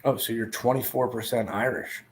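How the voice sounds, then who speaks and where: A man's voice: mid-range voice, steady tone, moderate pace. A man hosting a podcast, telling profane stories and teasing his co-host in casual chat. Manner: profane storyteller, dry teasing.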